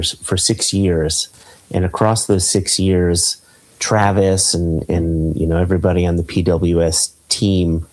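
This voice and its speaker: A man's voice: deep voice, darkish tone, rough recording. A man hosting a podcast, chatting casually and enthusing over flavors as he tastes a whisky on a video call. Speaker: podcast host. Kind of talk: casual chat, tasting whisky on air.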